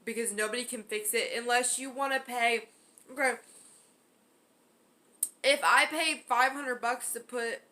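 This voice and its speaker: A woman's voice: a little high, steady tone, unhurried, long pauses, pushed and bright. A young woman vlogger telling a story during a mukbang, rambling casually with many ums and likes.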